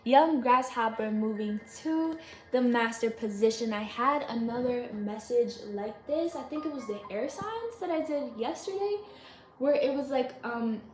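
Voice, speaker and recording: A woman giving a casual spiritual reading to camera, chatty and rambling, with lots of "like" and "y'all". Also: high voice. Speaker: tarot reader. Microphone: camera mic. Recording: echoey room, faint noise.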